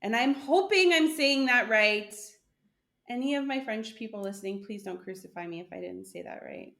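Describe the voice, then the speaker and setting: A woman's voice: on the high side, lively intonation, normal speed, gravelly, fairly bright tone. This is a woman co-hosting a podcast, chatting casually and easily. She talks loosely, full of fillers, and she laughs often. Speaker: podcast co-host. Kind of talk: casual chat.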